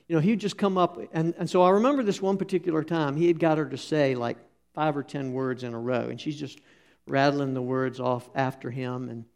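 A middle-aged pastor preaches a sermon, weaving in folksy anecdotes with fillers and restarts along the way. His medium-pitched voice is creaky and a little mellow.

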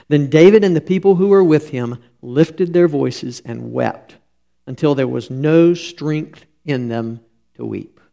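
A man's voice: a little high, vocal fry, warm tone. A man preaching a sermon, reading scripture aloud and then explaining it in an earnest, conversational way. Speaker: pastor.

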